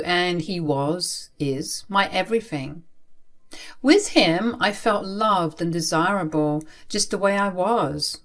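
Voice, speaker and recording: A young woman telling a first-person story in an emphatic, expressive way. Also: on the low side.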